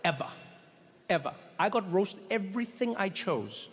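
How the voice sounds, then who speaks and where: A man's voice: sits high, lively intonation, moderate pace, a bit bright. A man performing a stand-up comedy set, telling stories animatedly with stammered restarts. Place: large comedy stage with audience. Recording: live show in a reverberant hall with faint crowd noise.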